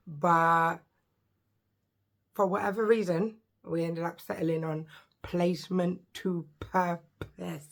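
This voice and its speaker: A woman in her thirties, a social worker, introducing her vlog channel in an excitable, chatty, joking way, with a voice she says sometimes gives out. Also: fairly low pitch, gravelly.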